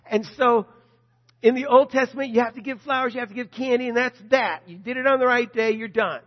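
A man preaching a sermon, telling a story with lively animation and acting out the people he quotes. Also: high-pitched, a little fast, in a large hall, lo-fi sound. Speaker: pastor.

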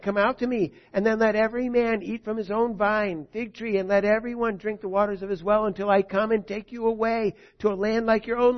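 A preacher voicing a boastful, threatening male royal envoy, loud and proclaiming. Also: sits high, voice pushed up, natural voice. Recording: dull lo-fi recording.

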